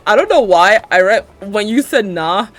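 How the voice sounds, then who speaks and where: A woman's voice: medium pitch, sing-song, a little slow. A young woman live-streaming a building game, chatting casually and sarcastically and laughing often.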